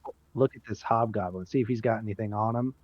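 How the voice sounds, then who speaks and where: A man playing in a tabletop game who talks in a relaxed, casual way. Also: fairly low pitch, quick pace, no room sound. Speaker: player. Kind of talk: tabletop game chat over voice call. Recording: dull lo-fi voice-chat audio.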